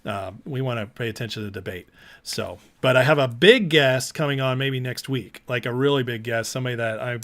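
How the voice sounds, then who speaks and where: A man's voice: mid-range voice, fairly quick, a bit bright. A man hosting a casual livestream, chatting loosely and reading out viewer comments as he goes. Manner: chatty, reads out viewer comments and laughs along. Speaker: livestream host.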